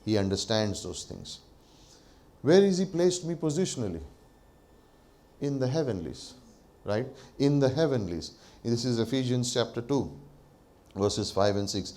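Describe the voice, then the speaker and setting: A man's voice: medium pitch, sing-song, moderate pace, long pauses, warm tone. A male pastor preaching a sermon, posing rhetorical questions to the congregation, answering them himself, and laughing lightly between points. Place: church.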